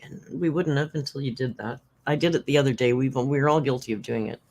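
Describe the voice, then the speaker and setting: A woman's voice: very deep voice, fast, darkish tone, slight background noise. A woman hosting a reaction commentary, sarcastic and blunt, swearing freely. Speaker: commentary channel host.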